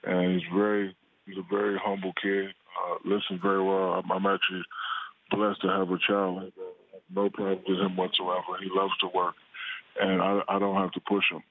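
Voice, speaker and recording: A man in his forties calling in to a talk show, chatting in a relaxed, joking way. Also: low voice, moderate pace, no echo. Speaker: guest. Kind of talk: phone interview. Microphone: phone line. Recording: tinny phone line.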